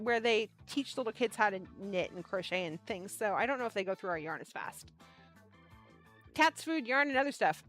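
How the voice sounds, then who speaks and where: Animated woman hosting a yarn livestream. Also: on the high side. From Pacific Northwest. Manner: animated, swears freely, laughs, stammering restarts. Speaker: host of a livestream for a yarn shop. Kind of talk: casual livestream chat with a staged phone-call skit.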